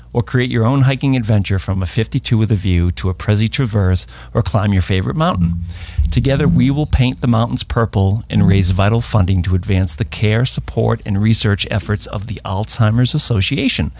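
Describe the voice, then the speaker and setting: A man with a fairly low voice co-hosts the show and reads the sponsor messages at a measured pace. The sound is dry and close. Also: darkish tone, no room sound. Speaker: podcast co-host. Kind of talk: casual chat and read sponsor spots.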